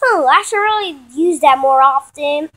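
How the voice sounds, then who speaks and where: Woman doing a loud squeaky teasing sister. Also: expressive, normal speed. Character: excitable teasing sister, girl or young woman.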